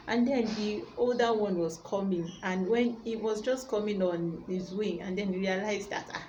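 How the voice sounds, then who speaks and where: A woman's voice: medium pitch, steady tone, moderate pace, darkish tone, highs cut off, slight background noise. A woman preacher giving a sermon, retelling a Bible story and urging her listeners with emphatic repetition.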